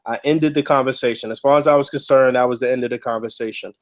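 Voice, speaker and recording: A man's voice: mid-range voice, fairly even intonation, fast. A man hosting a podcast, telling a story in a heated, emphatic, profane way. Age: adult with a child. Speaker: podcast host.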